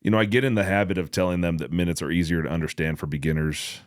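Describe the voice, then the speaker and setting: A man co-hosting a podcast in a casual chat, talking fast, joking and swearing freely. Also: deep voice, steady tone, no room sound, clean studio sound. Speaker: podcast co-host.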